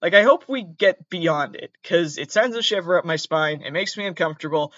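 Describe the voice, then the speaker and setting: A man's voice: a little high, fairly quick, a bit bright, no room sound, lo-fi sound. A young man hosting a podcast, rambling in a casual, jokey, self-mocking way, talking into a laptop mic. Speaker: podcast host.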